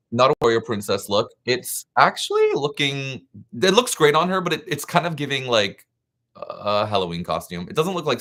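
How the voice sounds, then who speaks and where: A young man hosting a live reaction stream, chatty and excitable, giving frank opinions in a scattered, casual way. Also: on the low side. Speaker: livestream reaction host.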